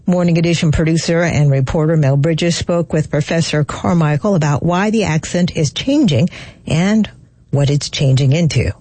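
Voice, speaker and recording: A woman radio host reading scripted news introductions in a crisp manner. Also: low voice, normal speed, warm tone, no room sound.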